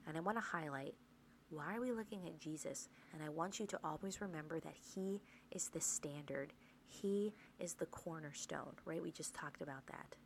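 A woman leads a podcast Bible study in a somewhat low voice. She teaches earnestly, posing rhetorical questions and checking in with her listeners. A faint noise sits under the recording. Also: poor audio. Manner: earnest, asks rhetorical questions, tag "right?".

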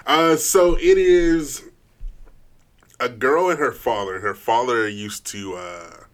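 Casting: excitable male podcast co-host, casual, laughs a lot, stumbles over words. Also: mid-range voice, takes it slowly. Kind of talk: casual chat.

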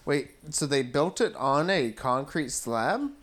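A man's voice: fairly high pitch, lively intonation, slow, a bit bright. Curious, teasing young man co-host. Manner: curious, asks lots of questions, teasing. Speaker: podcast co-host. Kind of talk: casual chat.

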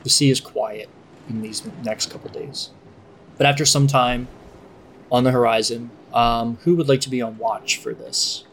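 A young man as game master, narrating a tabletop game in a relaxed way with frequent fillers. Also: medium pitch, moderate pace, a little hiss or hum.

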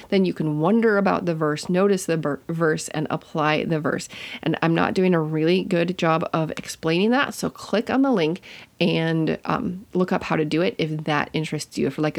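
Gravelly low-voiced woman podcast host. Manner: chatty and warm-hearted, with self-corrections. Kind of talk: casual teaching monologue.

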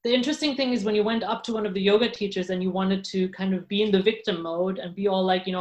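A female interview guest talks fairly quickly in a mid-range voice with fairly even intonation. The conversation is casual, and she comes across as candid, laughing frequently and often restarting or using fillers.

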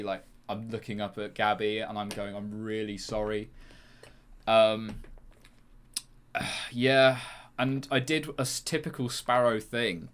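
A man, a podcast guest telling an animated story with frequent laughter and swearing. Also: fairly low pitch. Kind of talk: casual podcast chat.

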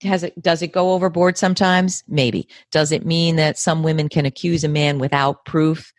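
A woman in her fifties with an American accent, speaking as an interview guest in a measured, emphatic way, often repeating words for stress. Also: sits low, steady tone, no room sound, clean studio sound. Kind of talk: earnest conversational interview.

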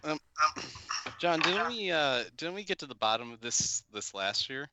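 A man's voice: fairly high pitch, sing-song, unhurried, sharp tone, no echo. A man co-hosting an improvised comedy bit, wry and skeptical. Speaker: podcast co-host.

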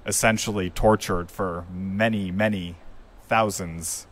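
Slow, low-voiced male pastor preaching. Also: fairly even intonation. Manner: measured, reflective storytelling delivery. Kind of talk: sermon.

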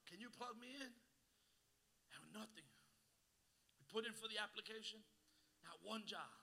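A man, preaching a sermon as a guest pastor, swinging from hushed asides to shouting and calling on the congregation to answer. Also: sits high, moderate pace, vocal fry.

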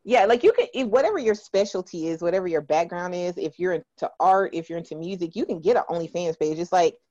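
Mellow laid-back woman co-host, dull sound. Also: fairly low pitch, quick pace, no echo. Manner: laid-back, lots of "you know". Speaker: podcast co-host. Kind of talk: casual chat.

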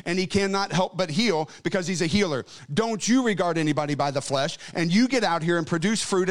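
A man preaching a sermon in a church service, fervent and storytelling, swinging between quiet asides and loud calls. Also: high-pitched. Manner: conversational storytelling.

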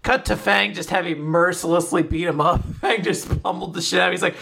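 A man's voice: high-pitched, fast, gravelly, hardly any pauses, sharp tone, slightly rough. A man co-hosting a casual podcast, recapping comic chapters and acting out the characters' lines as he goes. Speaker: podcast co-host. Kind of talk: casual manga recap chat.

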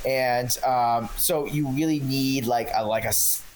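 A man's voice: medium pitch, a little slow, a little hiss or hum, rough recording. A man co-hosting a podcast, rambling through his points with many fillers. His voice sits in a middle range. Faint room ambience hums behind him. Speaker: podcast co-host. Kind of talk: casual podcast chat.

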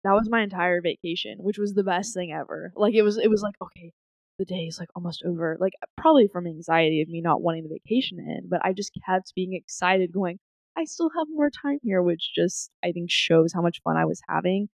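Gravelly-voiced young woman podcast co-host. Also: on the low side, fairly quick, no echo. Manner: animated storyteller, acts out her own thoughts. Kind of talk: casual chat.

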